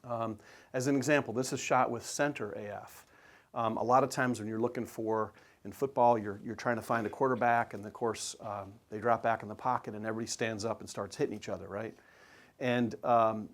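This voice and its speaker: A man, a sports and wedding photographer, giving an enthusiastic, conversational presentation to an audience, with frequent fillers. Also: mid-range voice.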